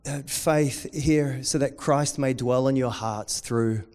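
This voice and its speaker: A man preaching a sermon, dropping to quiet intensity and rising to loud, excited storytelling. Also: medium pitch, slow. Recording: long hall reverb.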